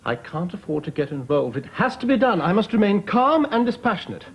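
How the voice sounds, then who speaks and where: An actor playing a pompous, self-important middle-aged office manager in a 1990s studio sitcom. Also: male voice, high voice, very animated, a little fast, breathy edge, full character voice. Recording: dull broadcast sound, studio audience laughter.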